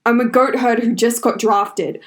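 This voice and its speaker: A woman's voice: on the high side, unhurried, natural voice. A woman voicing a young male goat herder taken captive, flustered and stammering, in a fanfiction reading. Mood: pleading.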